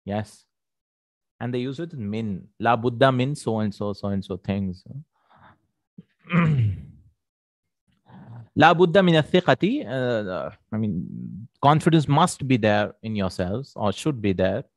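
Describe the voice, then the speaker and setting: Male Arabic teacher, lowish voice, dry recording; patient explainer who repeats terms and checks for understanding. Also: expressive, darkish tone, dry recording. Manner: checks in with "right?" and "hmm?", repeats Arabic words slowly. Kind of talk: explaining a textbook lesson.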